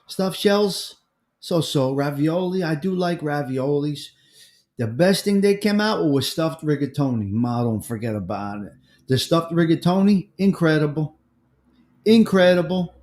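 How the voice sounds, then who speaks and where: A man's voice: fairly high pitch, darkish tone, reverberant. Chatty New man hosting a stream. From United States. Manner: chatty, greets viewers by name, drifts between topics. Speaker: livestream host. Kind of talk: casual live-stream chat reading comments.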